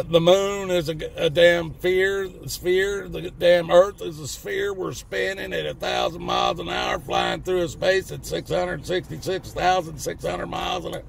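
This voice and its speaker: Southern guy going off on his channel, real gravelly voice, kinda high pitched, folksy n blunt. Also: a little hiss or hum. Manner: blunt, folksy, fired-up ranting with cussing. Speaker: channel host. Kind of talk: ranting opinion monologue to camera.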